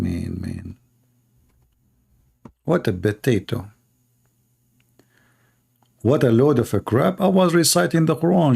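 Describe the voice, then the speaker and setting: Brief: male stream host, dark gravelly voice, mocking and combative. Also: mid-range voice. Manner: sarcastic, taunting, breaks into parody singing. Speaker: live stream host debating Muslim callers. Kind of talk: casual mocking debate talk.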